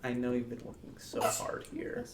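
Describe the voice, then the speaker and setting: A male adventurer makes a soft, coaxing plea, as a man at the table voices him. The voice is mid-pitched and lightly distant from the mic, quiet and earnest. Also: wildly swooping pitch, moderate pace, a little hiss or hum. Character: smooth-talking male adventurer pleading gently.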